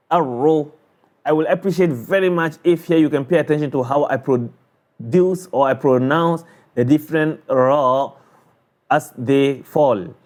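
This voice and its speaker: Male tutor, a bit high-voiced, unhurried, drills sounds slowly and patiently for a lesson video. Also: darkish tone. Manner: patient, repetitive, explains then drills syllables. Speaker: Quran recitation teacher. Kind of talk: slow drilling of letter sounds.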